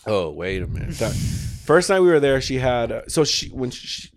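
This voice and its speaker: A man's voice: mid-range voice, sing-song, normal speed, no room sound. A man hosting a podcast, telling a long casual story full of restarts and swearing, acting out his own quoted lines. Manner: rambling, acts out quotes, swears freely. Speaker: podcast host.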